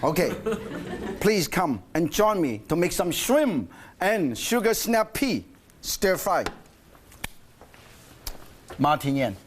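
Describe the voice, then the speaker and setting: A man's voice: high voice, very animated, slow, long pauses, a little hiss or hum. An older man hosting a cooking demonstration in a TV studio kitchen, exuberant and playful, speaking broken English. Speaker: TV cooking show host.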